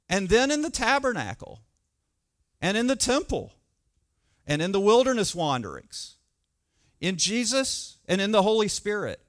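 A man's voice: high-pitched, fairly bright tone. A man preaching a sermon, telling a story with emphatic repetition.

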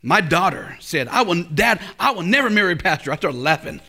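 High bright middle aged preacher guy telling his story in a sermon, goes loud then real quiet. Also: a little fast. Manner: animated storytelling preacher, swings from loud to hushed. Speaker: pastor. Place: college chapel service.

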